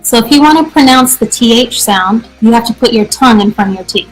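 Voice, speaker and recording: An American woman hosting a live English practice show, answering viewer questions in an energetic, chatty way. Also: on the high side, moderate pace, soft background music, rough recording. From United States. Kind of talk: casual live-stream teaching.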